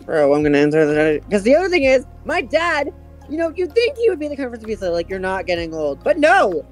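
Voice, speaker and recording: A man's voice: high-pitched, huge pitch swings, normal speed, faint music behind. A man in his twenties, chatting casually in a group voice call, joking and swearing as he rambles. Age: 20s. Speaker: stream guest.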